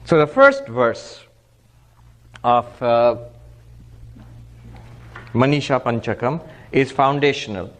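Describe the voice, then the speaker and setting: In this clip a monk delivers a spiritual discourse in a mid-range male voice, speaking slowly and pausing often. He tells stories with animation, laughing and chuckling as he teaches.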